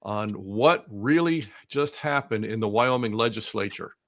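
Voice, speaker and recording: A man's voice: lowish voice, expressive, measured pace, no room sound, clean studio sound. A man giving political commentary as a show guest, repeating words as he builds a point.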